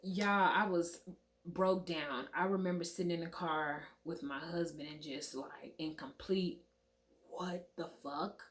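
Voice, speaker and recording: Woman, thirties, low voice, candid storytime, says y'all, swears casually. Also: steady tone, measured pace. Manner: candid and conversational, addresses viewers as y'all, swears freely. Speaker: vlogger. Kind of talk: emotional storytime to camera.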